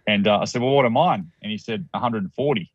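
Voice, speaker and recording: A man's voice: lowish voice, quick pace, breathy edge, no room sound, lo-fi sound. An Australian man telling a personal story as a guest, rambling with restarts and acted-out quotes.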